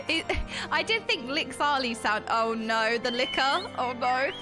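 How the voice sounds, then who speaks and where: A woman's voice: high voice, animated, slow. A young woman streaming a game, chatting and giggling with her viewers. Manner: bubbly, giggly, chatty, reacting to chat. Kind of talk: casual chat with livestream viewers. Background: background music.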